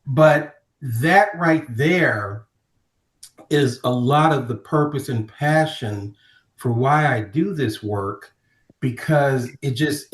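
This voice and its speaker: A middle-aged man from Ohio, telling stories as a podcast guest in a lively conversational way and acting out other people's voices. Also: mid-range voice. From Ohio, USA. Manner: animated storyteller, acting out quoted voices. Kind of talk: storytelling in casual conversation. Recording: roomy echo.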